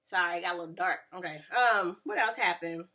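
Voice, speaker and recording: A woman, casually recapping a reality show and acting out quotes with lively voices. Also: lowish voice, fairly quick. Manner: animated, mimics people in quotes. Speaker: reality TV reviewer.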